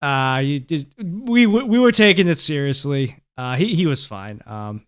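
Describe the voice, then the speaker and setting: A man with a fairly high voice talks loosely and off the cuff, packing his sentences with fillers and the odd curse. His tone is smooth and resonant. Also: expressive, unhurried. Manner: rambling, filler-heavy and profane, often laughing. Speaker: crypto news show host. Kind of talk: casual commentary and storytelling.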